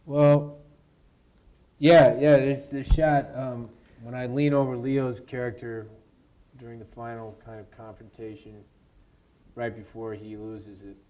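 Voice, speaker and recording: A man, an actor, telling a lively anecdote in an interview at a university event, laughing and mimicking the people in it. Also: medium pitch. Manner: animated, laughing storyteller who mimics others.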